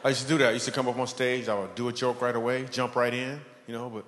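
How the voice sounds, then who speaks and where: A man performing a stand-up comedy set, telling animated stories and acting out characters. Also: medium pitch, quick pace. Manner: animated storytelling, acts out characters. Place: church hall with a live audience. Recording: long hall reverb, audience noise.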